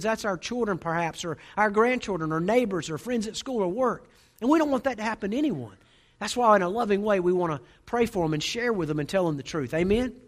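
Fast-talking, high-voiced preacher in his forties. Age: 40s. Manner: humorous storytelling, animated. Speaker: pastor. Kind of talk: sermon.

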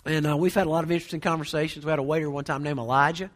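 A man's voice: fairly high pitch, fairly even intonation, racing. A middle-aged man preaching a sermon, conversational, with storytelling asides. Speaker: pastor.

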